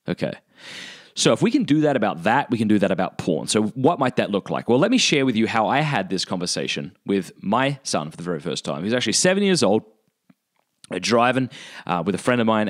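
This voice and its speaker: A man with a fairly low voice, talking casually to listeners and giving advice to parents. He is animated and often jumps higher in pitch when he quotes a conversation.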